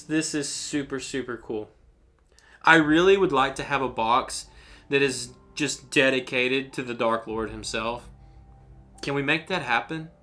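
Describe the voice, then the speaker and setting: A man hosts an unboxing video with a bright, forward tone, rambling happily from one thought to the next. He gushes over everything in an excited, informal way, and faint music plays softly underneath. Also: mid-range voice, a little slow. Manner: enthusiastic, rambling, gushing. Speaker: unboxing channel host.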